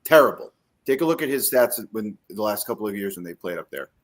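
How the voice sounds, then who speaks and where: A man co-hosting a casual fantasy football podcast, telling animated stories and acting out scenes. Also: on the low side, fast talker. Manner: animated storyteller, acts out scenes. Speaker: podcast co-host.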